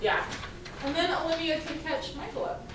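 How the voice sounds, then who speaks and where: A woman's voice: high-pitched, lively intonation, moderate pace. Upbeat woman teaching a band class. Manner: upbeat, encouraging, counts off. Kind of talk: classroom instruction. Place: school band room. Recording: roomy, distant, noisy classroom.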